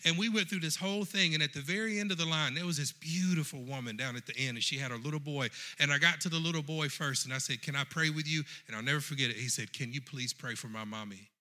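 A man preaching a sermon with a very bright, forceful tone that carries over the room. His pitch sits a little high for a man, and he keeps calling out to the congregation as he tells his story. He sounds middle-aged and fully animated in the pulpit. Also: fast talker, few pauses. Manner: animated, addresses the congregation directly.

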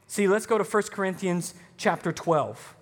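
A man's voice: high voice, moderate pace. A man preaching a sermon as pastor, emphatic, with punchy rising lines. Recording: long hall reverb.

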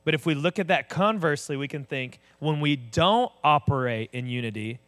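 A male pastor with a drawl delivers a sermon. He talks plainly and conversationally, often turning to his listeners with direct questions. His voice sits a little above the usual male pitch. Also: expressive, normal speed, fairly bright tone.

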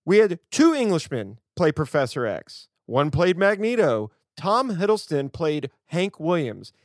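A man's voice: fairly high pitch, very animated, a little slow, no echo, clean studio sound. A man from the United States co-hosting a casual film podcast, ranting emphatically with sarcastic asides. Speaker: podcast co-host.

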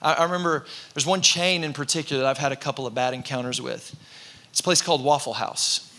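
A man, a pastor preaching a sermon to his congregation and telling funny personal stories in a relaxed, conversational way. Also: medium pitch, fast talker. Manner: conversational, self-deprecating storytelling with laughs. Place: church in front of a congregation.

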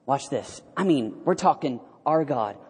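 A man preaching a sermon in an animated way, rising to loud exclamations and dropping to a hushed near-whisper. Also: mid-range voice, a little slow, husky. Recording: hall with long reverb.

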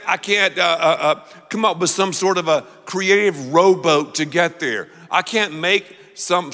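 A man preaching a sermon, leading the congregation to repeat lines back to him in an animated way. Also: fairly high pitch, big-room sound. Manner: animated, call-and-response with congregation. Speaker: pastor.

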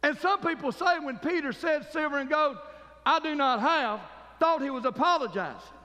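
A man's voice: very high-pitched, moderate pace, pushed and bright, in a large hall. A man preaching a fervent sermon as pastor, calling for amens from the congregation.

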